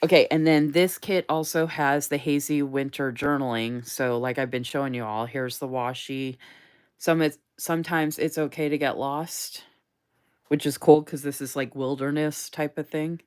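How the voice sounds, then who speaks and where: A woman's voice: low-pitched, fairly even intonation, normal speed, darkish tone, smooth. A woman hosting a casual live stream, gushing with enthusiasm over planner stickers and reading viewer comments aloud. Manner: gushing, enthusiastic, says "oh my gosh" often. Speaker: host of a live sticker showcase.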